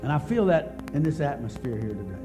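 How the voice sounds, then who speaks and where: A middle-aged male pastor delivers a sermon over music at a church service, his fairly high voice swinging widely in pitch. He tells a story in a faltering way, often repeating words.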